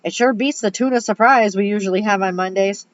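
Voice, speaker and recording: A woman's voice: mid-range voice, fairly quick, lightly acted. A woman voicing a kind, earnest young schoolgirl in a storybook reading on a dull lo-fi recording. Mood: sweet. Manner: gentle, earnest.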